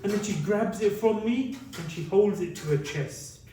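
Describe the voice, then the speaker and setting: A man voicing an elderly woman with a walking stick, who calls out in high, breathless, thrilled bursts. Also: moderate pace, dark tone, slight background noise, lightly acted. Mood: overjoyed. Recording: echoey hall, heard from a distance.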